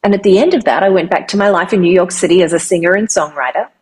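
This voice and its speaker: A middle-aged woman with an Australian accent, a voiceover artist and singer-songwriter, telling her story in a lively, animated interview. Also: on the low side, fast, slightly rough. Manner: animated, lively retelling of anecdotes.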